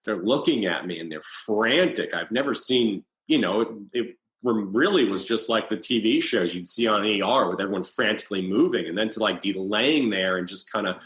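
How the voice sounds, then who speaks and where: A man in his thirties speaks as an interview guest, telling his own story in a halting, restarting way. His voice sits fairly low. The recording carries a noticeable roomy echo. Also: expressive, fairly bright tone. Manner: halting, with many restarts and fillers. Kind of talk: personal storytelling in conversation.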